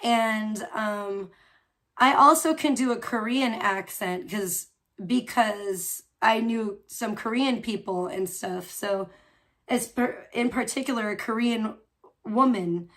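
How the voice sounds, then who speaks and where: A woman with a slightly high-pitched voice chats loosely on her live stream. She rambles and laughs often as she talks to her viewers and answers their comments. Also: slow, a bit bright. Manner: rambling, chatty, frequent laughs; reads and answers chat. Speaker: livestream host. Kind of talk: casual live-stream chat.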